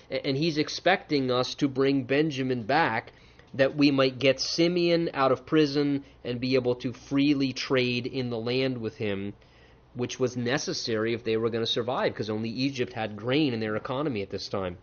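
A man preaching an expository sermon, reading scripture and acting out the characters' voices with lively animation. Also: mid-range voice, normal speed. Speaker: pastor. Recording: muffled lo-fi recording.

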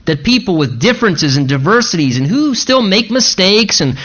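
A man's voice: high-pitched, sing-song, moderate pace, a bit bright, dull audio. A man preaching a sermon, reading scripture and stressing points through repetition and quoted asides. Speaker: pastor.

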